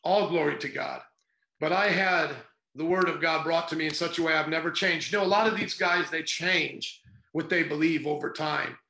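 Middle-aged male pastor, fervent and sarcastic, bright tense voice in an echoey room. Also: a little high, moderate pace. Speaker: pastor and podcast host. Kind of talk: casual preaching podcast.

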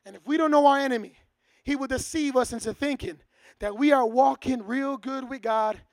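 A man preaching a sermon to his church, casual and lively, acting out short dialogues. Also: very high-pitched, moderate pace, no echo. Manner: casual, acts out little dialogues. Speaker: pastor.

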